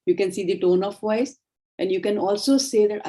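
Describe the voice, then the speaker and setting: A middle-aged woman with an Indian English accent, giving a training lecture in a measured, explanatory way. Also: mid-range voice, mellow. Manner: explanatory, measured, acts out sample dialogues. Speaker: communication trainer.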